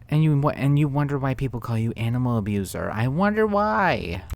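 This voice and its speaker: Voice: mid-range voice, lively intonation, fairly quick, gravelly, hardly any pauses. A reaction commentator talking casually to viewers, sarcastic and teasing.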